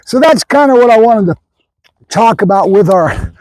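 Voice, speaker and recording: A man with a high-pitched voice talks through a dog training session in a casual, easygoing way. He keeps checking in with his viewers as he explains. The sound is dry and close, with almost no room echo. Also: expressive, moderate pace, darkish tone. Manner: casual, talks to the viewers with frequent "right?" asides.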